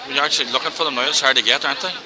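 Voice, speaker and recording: Brief: man, mid-pitched, casual explainer, crowd and traffic behind. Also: steady tone, very fast. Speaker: interviewee. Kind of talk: explaining slang. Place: busy outdoor market. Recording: crowded noisy market outdoors.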